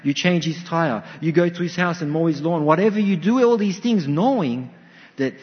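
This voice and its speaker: A man's voice: a little high, normal speed. A man preaching a sermon, telling stories and acting out quotes with animation. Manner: animated storytelling with acted quotes. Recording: dull sound with long hall reverb.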